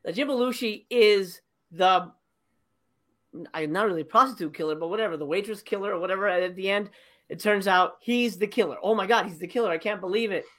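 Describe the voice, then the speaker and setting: A woman with a medium-pitched voice speaks fairly quickly as she co-hosts a casual podcast reviewing a movie. Exasperated and profane, she rants about the film's ending and mocks its scenes in put-on voices.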